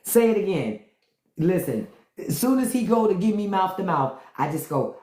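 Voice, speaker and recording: Brief: livestream host, casual profane chatter, laughs a lot, mid-pitched, roomy echo. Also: sing-song, moderate pace, mellow. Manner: loose, profane storytelling with frequent laughter and hums. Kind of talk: casual livestream chat with viewers.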